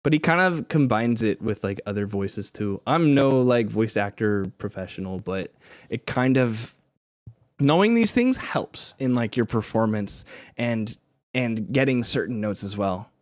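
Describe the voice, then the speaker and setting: A man's voice: lowish voice, lively intonation, measured pace, dry recording, studio quality. A man streaming casually while making music, rambling with fillers and laughing at himself. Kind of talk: casual live-stream chat.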